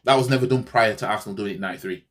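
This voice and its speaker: A man's voice: on the low side, rapid-fire. A man hosting a fan channel, ranting sarcastically in a heated football reaction, repeating himself as he goes.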